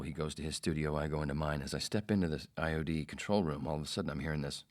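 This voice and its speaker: A man's voice: a bass voice, fairly even intonation, fast, few pauses. A man hosting a podcast, telling a rambling, profane story in a casual way. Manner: rambling, profane, self-interrupting. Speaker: podcast host.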